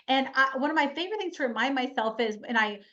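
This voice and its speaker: A life coach gives an earnest, chatty motivational webinar talk, repeating key lines for emphasis. Her voice sits high and is a bit bright, with lively intonation, and she talks fast. The webinar audio is slightly muffled.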